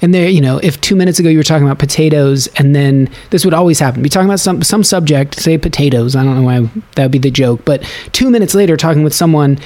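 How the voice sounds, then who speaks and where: A man's voice: on the high side, quick pace, hardly any pauses, darkish tone. Male stand-up comic, podcast guest, rambling and thoughtful, loose conversational delivery. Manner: rambling, thoughtful, with many restarts. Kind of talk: casual podcast chat.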